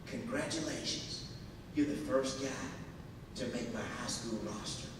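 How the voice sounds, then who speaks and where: A man voicing a tough, demanding high school basketball coach in a spoken story, talking bluntly and commandingly. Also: measured pace, close to an everyday voice. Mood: proud. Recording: echoey hall from far off with noise.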